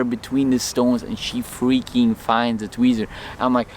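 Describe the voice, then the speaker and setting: A man vlogging outdoors, telling a personal story to camera in an animated way and acting out the lines of people in it. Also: medium pitch, normal speed, few pauses, slight background noise. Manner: animated, acts out his own and others' lines in the story.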